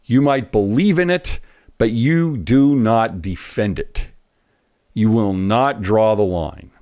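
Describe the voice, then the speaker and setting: A man giving earnest, emphatic commentary on a political speech clip, pausing it to preach his point. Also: fairly low pitch, lively intonation, a little mellow. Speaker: online commentator.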